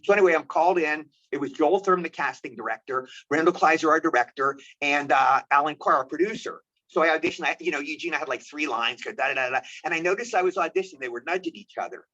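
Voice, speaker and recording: A man from the United States, an actor, telling animated anecdotes as an interview guest. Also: a little high, fast, hardly any pauses. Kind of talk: storytelling interview. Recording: dull lo-fi audio.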